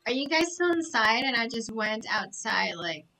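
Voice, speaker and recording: A woman live-streaming a game, chatting to viewers in an excitable, gushing way full of gasps and exclamations. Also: a little high, moderate pace, vocal fry, recorded from a distance, a little hiss or hum, poor audio.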